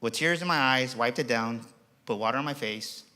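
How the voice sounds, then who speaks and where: A man's voice: mid-range voice, moderate pace, bright, forceful tone. A middle-aged man giving a passionate motivational keynote as emcee, telling a personal story with emphasis. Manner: passionate, emphatic, acts out quoted voices. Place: auditorium stage.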